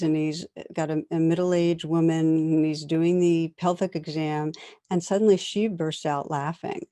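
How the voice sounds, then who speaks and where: Low, mellow-voiced woman meditation teacher. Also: no echo, clean studio sound. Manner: conversational, gentle laughs while telling stories. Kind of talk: dharma talk to a class.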